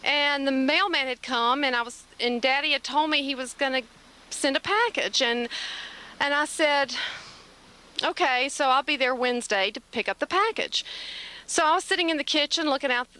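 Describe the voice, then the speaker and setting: A woman excitedly telling a rambling story to a home camcorder at home, acting out what everyone said. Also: sits high, moderate pace. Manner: excited, rambling retelling with many quoted lines.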